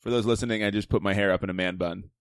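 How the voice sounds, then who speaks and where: A man's voice: on the low side, steady tone, rapid-fire, clear, resonant tone, no room sound. Male podcast co-host, rambling joker, dry close sound. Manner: rambling, self-correcting, jokey. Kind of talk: casual podcast chat.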